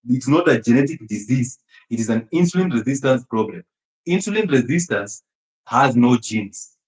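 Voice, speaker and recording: Emphatic man in an echoey room. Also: mid-range voice. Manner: emphatic, laughs often, teasing rhetorical questions. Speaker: health speaker. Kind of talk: animated health talk.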